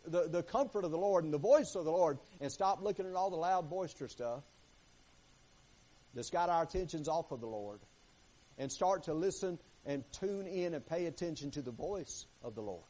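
A man preaching a sermon who reads scripture aloud and swings between hushed, quiet passages and emphatic, rising ones. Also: on the high side, lively intonation, moderate pace, poor audio.

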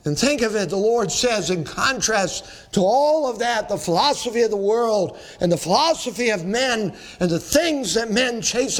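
A man preaching an evening sermon as pastor, climbing to emphatic peaks and sinking to slow, hushed lines. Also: sits high. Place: church service in the evening.

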